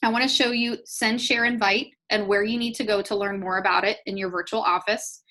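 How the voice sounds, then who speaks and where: A woman's voice: medium pitch, steady tone, fairly quick, bright, forceful tone. Give me an encouraging woman trainer giving a casual live webinar lesson. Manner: chatty, upbeat and encouraging, talks straight to her audience. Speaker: network marketing trainer. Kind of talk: live online business training.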